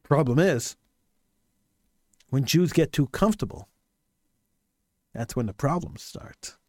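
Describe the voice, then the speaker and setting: A man's voice: medium pitch, animated, takes it slowly, a little mellow, no echo, studio quality. A man delivering an impassioned monologue commentary, hammering points home with repeated rhetorical questions.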